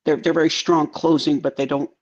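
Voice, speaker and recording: A man co-hosting a political live stream, rambling and halting through anecdotes, heard over a remote call. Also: fairly high pitch, little pitch movement, dull audio.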